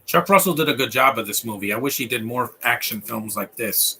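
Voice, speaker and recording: A man with a Latino accent hosts a casual live stream, chatting about films while they play. He rambles and keeps restarting his sentences, and he gets worked up about bad accents. His voice is bright and a little husky. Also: medium pitch, brisk. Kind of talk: casual film commentary.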